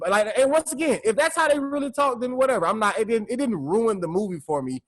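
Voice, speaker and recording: A man's voice: extremely high pitch, expressive, quick pace, hardly any pauses, fairly bright tone. A man co-hosting a casual film podcast, rambling and repeating himself, often saying "you know what I'm saying". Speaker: podcast co-host.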